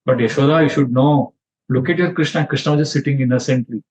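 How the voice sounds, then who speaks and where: A man's voice: medium pitch, steady tone, quick pace, darkish tone, lightly acted. A man voicing a village milkmaid woman who pleads with a mother about her mischievous child, in an exasperated storytelling tone. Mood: complaining. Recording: dull lo-fi sound.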